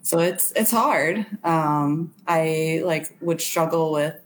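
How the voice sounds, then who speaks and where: A woman's voice: sits low, slow, slight background noise. A young woman talking casually as a podcast guest, earnest, with frequent filler words. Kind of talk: casual chat.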